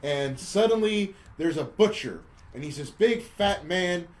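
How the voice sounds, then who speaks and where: A man's voice: high voice, lively intonation, a little slow, rough recording. A man co-hosting a podcast, casually retelling a film plot in a wry, mocking play-by-play, often stumbling and repeating words. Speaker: podcast co-host. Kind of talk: casual chat recapping a film.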